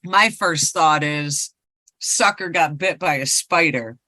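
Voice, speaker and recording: A woman's voice: deep voice, takes it slowly, pushed and bright, dry recording. A woman co-hosting a podcast, casually retelling a ghost story and rambling with lots of fillers. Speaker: podcast co-host.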